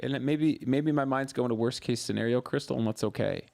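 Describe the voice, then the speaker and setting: A man hosting a live mental health Q&A as a therapist, answering viewers in a warm, coaching way and repeating phrases for emphasis. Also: mid-range voice, fairly quick, vocal fry. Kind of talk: live-stream advice answering viewer questions.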